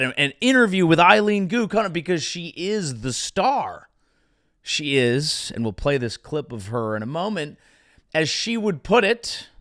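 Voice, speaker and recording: A comedian host rants through a sarcastic monologue, his voice rough and gravelly at the edges. He pitches a touch high for a man and bounces all over his range, jumping from loud punchlines to low, muttered asides. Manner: ranting, sarcastic, swings from loud outbursts to mumbled asides. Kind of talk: stand-up style comedic monologue.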